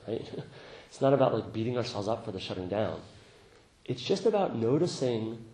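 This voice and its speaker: A man teaching meditation to a group, speaking gently, laughing often, and growing lively when he tells a story. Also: fairly low pitch, echoey room, poor audio. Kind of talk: dharma talk.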